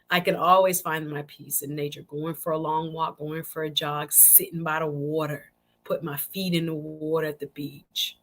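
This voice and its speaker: This show host is a woman with a low-pitched, slightly bright voice. On her own live-stream talk show, she chats casually and animatedly with viewers, often repeating phrases.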